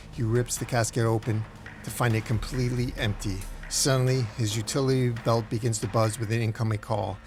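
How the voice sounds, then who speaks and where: A man's voice: mid-range voice, level tone, a little fast, over music. A man hosting a comic recap, telling the story in a dramatic way. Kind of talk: comic book recap narration.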